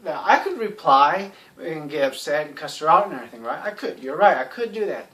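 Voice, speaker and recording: Man, casual rambling monologue, blunt and sarcastic, full of fillers, fairly high voice, a little off-mic. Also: lively intonation, fairly quick, pushed and bright, recorded from a distance. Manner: rambling, heavy on "you know" fillers. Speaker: YouTube commentator.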